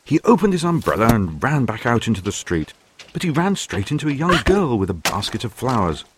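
A man's voice: mid-range voice, fairly quick, noisy background. A man narrating a storybook expressively, acting out each character. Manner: expressive, acts out every character. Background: faint music.

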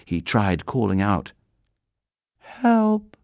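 A man reading a children's story aloud as narrator, gentle and expressive. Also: low voice, measured pace, dry recording, studio quality.

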